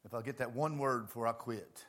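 A man preaching a homespun storytelling sermon in plain words, dropping to low murmurs and rising to fervent shouts. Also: brisk. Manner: plain homespun phrasing with many asides.

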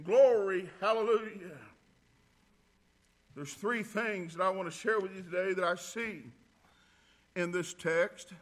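A man preaching a sermon as a pastor, fervent, breaking into shouts of glory and hallelujah and filling pauses with "uh". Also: sits high.

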